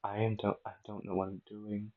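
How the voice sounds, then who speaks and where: A man's voice: fairly low pitch, completely flat delivery, fairly quick, phone-quality sound. A man casually narrating a fan-made anime what-if story with rambling, self-mocking asides.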